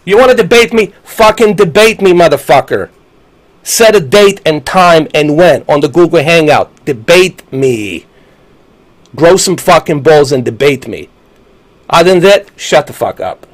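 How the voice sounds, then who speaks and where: A man's voice: fairly high pitch, animated, unhurried. Angry ranting man in his forties. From Bosnia. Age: 40s. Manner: angry, profane, combative. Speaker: game streamer. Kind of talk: ranting live-stream commentary.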